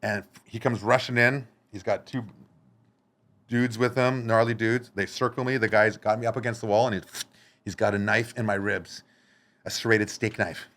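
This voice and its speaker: A man guest on a studio podcast, telling a story in a casual, animated way, swearing and acting out what others said. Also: fairly low pitch, moderate pace.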